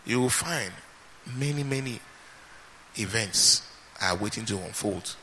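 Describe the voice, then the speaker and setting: A man preaching a sermon, emphatic and repeating his phrases, swinging between loud and soft. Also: on the low side, measured pace, slight background noise. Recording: reverberant hall with faint ambience.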